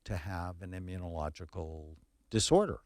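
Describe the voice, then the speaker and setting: A man's voice: low voice, normal speed, no echo, studio quality. A man, a child psychiatrist, explaining earnestly and emphatically as a guest in a podcast interview.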